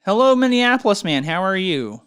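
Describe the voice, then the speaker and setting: A woman's voice: medium pitch, sing-song, brisk, clear, resonant tone. A woman co-hosting a comedy podcast, reading and asking questions in a mock news-anchor manner. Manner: mock news-anchor delivery, breaking into laughter.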